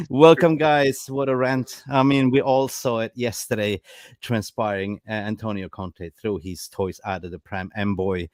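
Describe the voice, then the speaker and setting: Upbeat football show host. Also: male voice, fairly low pitch, fairly even intonation, measured pace, dry recording. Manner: upbeat, hypes the panel. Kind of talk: live football show chat.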